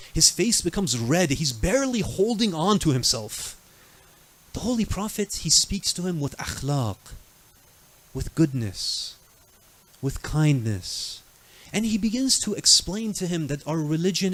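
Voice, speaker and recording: A man's voice: high voice, fairly bright tone. A male preacher telling a religious story in a night sermon, dramatic, acting out the people he quotes. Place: mosque.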